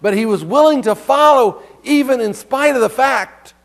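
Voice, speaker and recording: A man's voice: extremely high pitch, normal speed. A man preaching a sermon in a conversational way, asking the congregation rhetorical questions and reading scripture aloud. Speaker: pastor.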